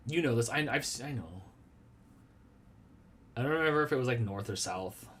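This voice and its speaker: A man's voice: mid-range voice, lively intonation, normal speed, fairly bright tone, a little hiss or hum. A man hosting a casual live stream from a small room at home. He rambles in a playful way, answers viewer comments and jokes about himself. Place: small room at home with a red wall and lava lamps.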